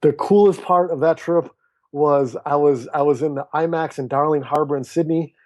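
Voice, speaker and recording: A man in his thirties tells his story as a podcast guest in a relaxed, conversational way. His voice sits a bit high for a man, and he acts out the lines of the people in his story. The sound is dry and close, with no room echo. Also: moderate pace. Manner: animated storyteller who acts out quoted dialogue. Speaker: podcast guest, author and speaker. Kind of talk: casual storytelling interview.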